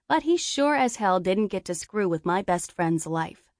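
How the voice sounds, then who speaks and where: A young adult woman narrating a first-person audiobook, lively and wry. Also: mid-range voice, a little slow, dry recording, clean studio sound.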